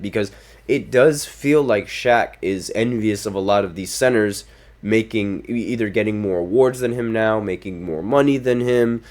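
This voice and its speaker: A man hosting a basketball podcast, giving opinionated casual commentary and reading quotes aloud. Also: lowish voice. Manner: opinionated, reads quotes aloud, apologetic asides. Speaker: podcast host.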